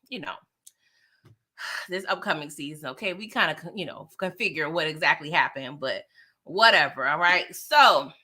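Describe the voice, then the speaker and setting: A woman's voice: lowish voice, pushed and bright. A woman casually recapping TV episodes for her viewers, chatty and slangy, talking straight to the audience. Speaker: TV show recap vlogger.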